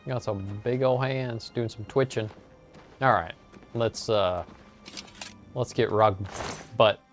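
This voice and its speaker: A man giving relaxed, joking commentary while playing a video game, with frequent "uh"s. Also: medium pitch, takes it slowly. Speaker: let's play host. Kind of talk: casual gameplay commentary. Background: game music.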